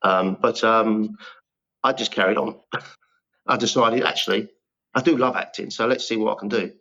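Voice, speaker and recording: A man's voice: on the low side, steady tone, moderate pace, gravelly, a bit bright, lo-fi sound. A man in his fifties, a guest actor telling rambling, self-deprecating stories in a casual interview. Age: 50s.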